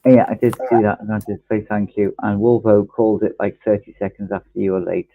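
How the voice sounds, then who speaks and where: A man's voice: on the low side, little pitch movement, fairly quick, hardly any pauses, phone-quality sound. A man hosting a livestream quiz, flustered and self-mocking, swearing casually as he chats. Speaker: quiz host.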